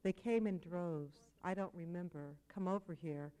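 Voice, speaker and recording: A woman reads her poetry aloud at a live reading, her voice sitting fairly low. She keeps a measured pace and drops some phrases to a quiet aside. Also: low-quality recording. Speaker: poet. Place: poetry venue with audience.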